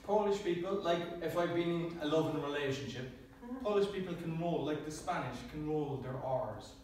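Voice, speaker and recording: An Irish man with a slightly high voice delivers a light, self-mocking prepared speech, chuckling as he goes. He stands well back from the microphone, and his voice rings around a very echoey room with a faint hiss behind it. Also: moderate pace, a little mellow. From Ireland. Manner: joking, self-deprecating, chuckles often. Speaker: club speaker. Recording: very echoey room, distant mic.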